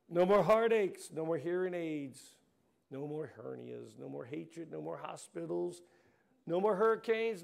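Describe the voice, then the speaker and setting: A man preaching a sermon, building rhythmic lists that swell into loud bursts, with joking asides. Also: fairly high pitch, vocal fry. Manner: rhythmic alliterative list, rising to loud bursts.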